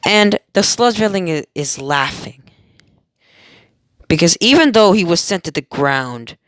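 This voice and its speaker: A man's voice: fairly high pitch, fairly bright tone, no echo, clean studio sound. A young man casually retelling a fan story, rambling, giggling and correcting himself as he goes. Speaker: amateur storyteller.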